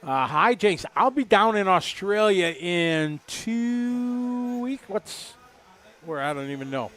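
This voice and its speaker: A man's voice: sits high, lively intonation, slow pace, fairly bright tone. A middle-aged man doing live race commentary, chatty and rambling, joking with viewers.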